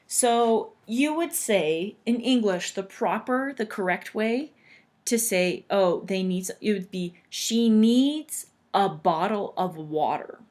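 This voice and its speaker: A young woman explaining English grammar to learners at a very unhurried pace. She speaks patiently and repeats her example sentences slowly and deliberately, with a pitch that sits in the middle of the range. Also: lively intonation, darkish tone. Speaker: English teacher.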